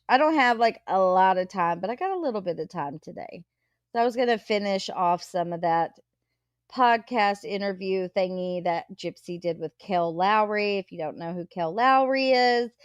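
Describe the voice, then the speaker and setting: Woman host, casual gossipy livestream chatter, unhurried delivery, dry close sound. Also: medium pitch, dry recording. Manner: chatty, gossipy, greets viewers, swears and laughs. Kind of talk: casual live chat.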